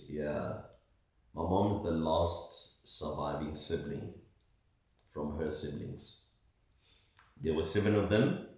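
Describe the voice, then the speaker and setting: A South African-born man vlogging in an earnest, rambling monologue with pauses. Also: a bass voice. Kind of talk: casual monologue to camera. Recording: very echoey, far from the mic.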